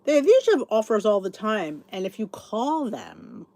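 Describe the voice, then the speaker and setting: A woman's voice: mid-range voice, very animated, normal speed, darkish tone, dry recording. A middle-aged woman hosting a podcast, chatting in a rambling, sleepy way as she thinks aloud and answers comments. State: sleepy, yawning. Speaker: podcast host. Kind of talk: casual chat reading live comments.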